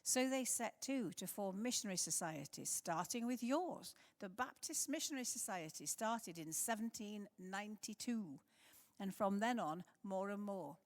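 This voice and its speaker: A woman's voice: mid-range voice, expressive, normal speed. A middle-aged woman whose English has a slight Scottish tinge gives a chatty church conference talk, telling history with light humorous asides. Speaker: conference speaker for a mission society. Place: large church hall. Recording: long hall reverb in a church.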